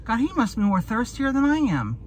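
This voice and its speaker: A woman's voice: fairly high pitch, huge pitch swings, brisk, slightly rough. A woman in her forties chatting casually in a car, rambling and losing her train of thought. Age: 40s. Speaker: vlogger. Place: in a parked car.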